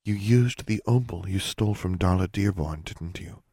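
A stern older witch inquisitor, calm and even, measuring every word, as a male audiobook narrator puts her on. The voice is lifted a little from a husky low register, dry and close. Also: normal speed, no echo.

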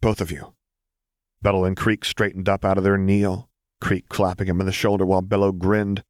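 A man narrating a story in a steady, gentle audiobook reading. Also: sits low, a little fast, no echo, clean studio sound.

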